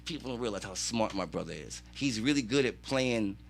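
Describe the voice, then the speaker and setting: A man's voice: on the low side, expressive, a little fast, a little hiss or hum. A man telling a story in casual podcast chat, acting out the people he quotes and swearing freely. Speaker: podcast guest.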